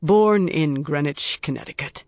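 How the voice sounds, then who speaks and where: A man voicing a withdrawn, despairing man in hiding who speaks low, quiet and slow. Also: no room sound, natural voice.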